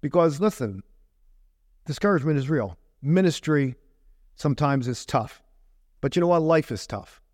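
A man's voice: a little high, animated, normal speed, long pauses, a little mellow, no echo, clean studio sound. A man pastor preaching a conversational sermon, full of rhetorical questions and asides to the congregation.

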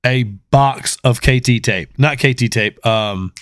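A man's voice: mid-range voice, slow, fairly bright tone, slight background noise. Rambling, self-mocking podcast co-host man. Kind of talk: casual chat.

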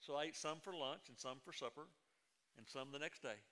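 A man's voice: on the high side, fairly quick, sharp tone, in a large hall. A middle-aged man preaching a sermon as a pastor, moving between folksy stories and emphatic proclamation.

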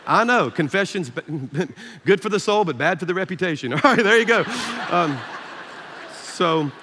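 A man with a Southern American accent preaching a sermon as pastor, telling a story in an animated, self-deprecating way and laughing often. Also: high-pitched, normal speed, background noise. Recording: echoey hall reverb.

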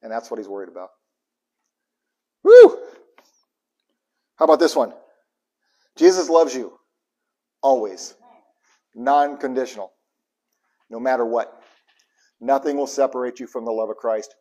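Preacher, male, husky and a bit breathy, impassioned, chuckles between points. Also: mid-range voice, moderate pace, pauses often. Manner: impassioned preaching, swings from hushed to loud bursts; chuckles between points, repeats lines for emphasis. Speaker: pastor. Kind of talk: live sermon.

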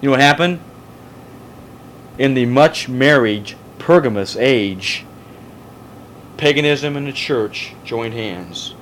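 Teaching a Bible study, this middle-aged pastor has a medium-pitched, slightly bright voice and an animated delivery, going slowly with frequent pauses. He is emphatic and leans on rhetorical questions, fielding questions from listeners while faint background noise lingers.

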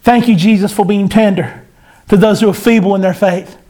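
A man's voice: high-pitched, fairly even intonation, a little fast, mellow. A man preaching a sermon, in an impassioned cadence that rises and falls.

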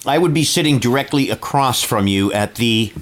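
Animated joking man on a call. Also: mid-range voice, moderate pace. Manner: animated, jokey, rambling with fillers. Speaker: podcast co-host. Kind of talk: casual chat. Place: dining room at home.

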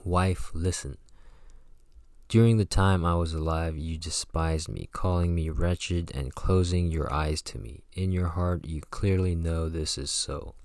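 A man's voice: low voice, a little mellow, no echo. A man reading aloud as a vengeful dead husband, speaking in a bitter, accusing way. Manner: accusing, hateful.

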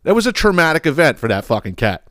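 A man's voice: fairly high pitch, very animated, fast, a bit bright, no echo, studio quality. A man hosting a podcast, ranting heatedly with plenty of profanity. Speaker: podcast host.

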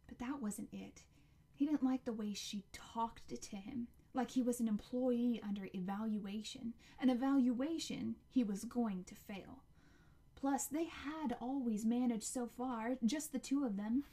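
A woman narrating a novel chapter as an audiobook, in a measured, expressive storytelling manner. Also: on the high side.

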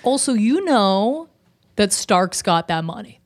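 A woman chatting on a laid-back film podcast. She talks with lively emphasis and drops the odd swear word. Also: mid-range voice, slow pace. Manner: animated, swears freely, laughs often. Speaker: podcast co-host. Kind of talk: casual movie discussion podcast.

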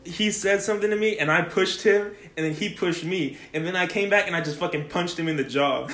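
A man's voice: sits high, brisk, a bit bright, a little hiss or hum. A young man telling a rambling, profane story in casual chat, laughing often and saying "like" a lot. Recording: echoey room.

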